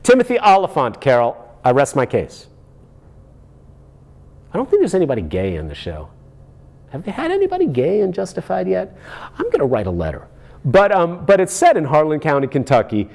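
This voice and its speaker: A man's voice: mid-range voice, darkish tone. A man hosting a talk show, ranting with sarcasm and firing off rhetorical questions. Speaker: podcast host. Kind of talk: ranting commentary.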